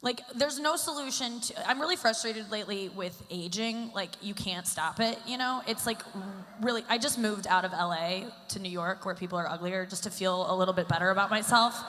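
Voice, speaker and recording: A woman's fairly quick mid-range voice, pushed and bright, comes through a stage mic with a little hiss or hum. The comedian, in her thirties, rambles through a self-deprecating stand-up set full of fillers on a large hall's stage, with long reverb from the live venue.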